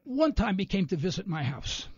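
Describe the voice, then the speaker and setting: A man rambles through stories as a radio guest, acting out the people he quotes. His voice is high and swoops widely, with a husky, gravelly texture. The audio is dry and dull, like lo-fi radio. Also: moderate pace, dry recording. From New York. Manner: animated storyteller, acts out quoted people. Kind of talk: rambling anecdotal radio interview.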